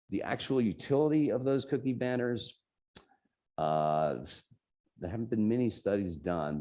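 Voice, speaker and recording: A man's voice: deep voice, warm tone. A man with a New Jersey accent giving an informal, explanatory talk on tech policy to a user group meeting. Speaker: guest presenter at a computer user group meeting.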